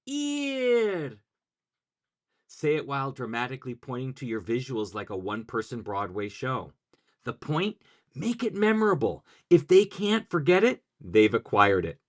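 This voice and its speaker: A man giving a scripted, upbeat explainer on language teaching, with a punchy, jokey delivery. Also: mid-range voice.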